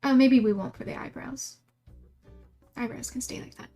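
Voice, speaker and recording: A woman's voice: sits high, animated, normal speed, mellow, faint music behind. A young adult woman livestreaming while she draws, rambling casually and laughing often as she chats with her viewers. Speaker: livestreamer drawing emotes. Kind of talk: casual chat while drawing.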